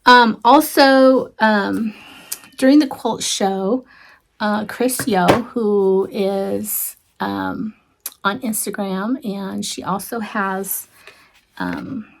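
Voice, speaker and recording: A woman vlogging from her crafting room at home, talking her viewers through stitching gifts at an unhurried pace. Her voice has a gravelly, fry-tinged edge. She gushes over each item and drifts into soft asides, with plenty of ums. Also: mid-range voice, expressive, slight background noise. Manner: chatty, gushing, with frequent ums and soft asides. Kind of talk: casual show-and-tell chat.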